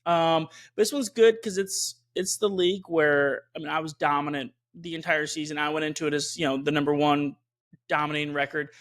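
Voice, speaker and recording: Laid-back, slightly high-voiced male co-host. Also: steady tone, brisk, fairly bright tone. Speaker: podcast co-host. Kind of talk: casual podcast chat.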